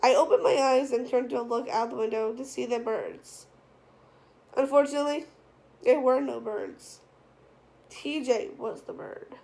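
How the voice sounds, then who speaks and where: A woman narrating a first-person story in a steady, plain reading voice. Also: fairly high pitch, a little slow, creaky, pauses often, low-quality recording. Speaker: audiobook narrator.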